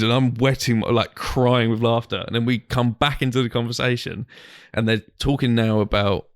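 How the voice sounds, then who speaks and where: A man's voice: medium pitch, fairly quick, hardly any pauses, dry recording, studio quality. A man co-hosting a podcast, telling a rambling anecdote in casual chat, swearing and acting out his friends' lines. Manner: animated, swears freely, acts out friends' lines. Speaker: podcast co-host.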